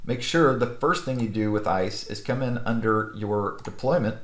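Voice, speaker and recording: A man's voice: fairly low pitch, normal speed, roomy sound. A man giving a casual screen-recorded technical tutorial, often checking in with "okay?" and "right?". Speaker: network instructor.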